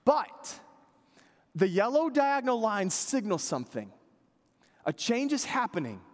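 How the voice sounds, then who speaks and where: A man in his thirties preaching a sermon, conversational and animated, dropping to quiet earnest asides. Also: high-pitched, a little slow, long reverb tail. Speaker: pastor.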